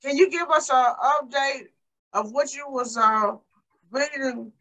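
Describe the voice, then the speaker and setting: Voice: high voice, slow pace, pushed and bright. A reading fair participant casually asking a reader to recap the chapters so far, with loose grammar and fillers. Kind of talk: casual group chat.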